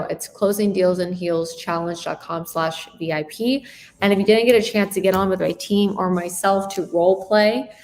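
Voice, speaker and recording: Woman sales coach, lowish voice, very expressive, lots of quick check-ins, faint hiss behind. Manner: expressive, shifting tone and emphasis; frequent rhetorical check-in questions. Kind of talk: live sales training talk.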